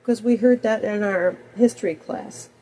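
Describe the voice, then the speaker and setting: A woman in her fifties with a cold, talking in a rambling personal monologue that swings between loud outbursts and soft mutters. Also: medium pitch, normal speed, poor audio. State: has a cold. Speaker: video blogger.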